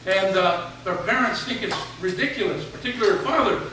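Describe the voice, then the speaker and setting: A man in his seventies with a high voice spins a humorous, folksy story for a room full of students. He sounds far from the mic in a very echoey hall. Clear background noise sits under his voice. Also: fairly quick, sharp tone. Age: 70s. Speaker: retired teacher giving a speech. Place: large hall with an audience.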